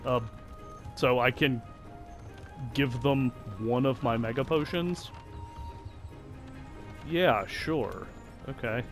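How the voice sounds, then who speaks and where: A man's voice: mid-range voice, extremely slow, long pauses, soft background music. A man casually commenting on his video game session, chatty and self-deprecating. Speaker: let's play host.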